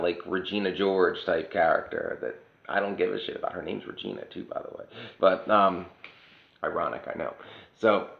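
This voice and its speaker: A man's voice: low-pitched, creaky. A man from Pennsylvania talking in a casual, sarcastic rant, blunt and swearing freely. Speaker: vlogger. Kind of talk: casual ranting monologue. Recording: roomy, dull lo-fi sound.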